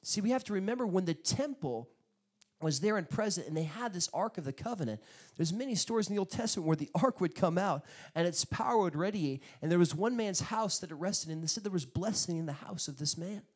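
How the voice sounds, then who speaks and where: Animated male pastor preaching. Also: high voice, fairly quick, breathy edge. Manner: animated storytelling with sudden loud bursts; acts out quotes in his stories. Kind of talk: sermon.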